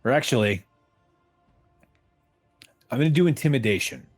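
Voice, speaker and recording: A man's voice: medium pitch, expressive, normal speed, husky, faint music behind. A man playing a tabletop role-playing game, casual and thinking aloud. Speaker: player.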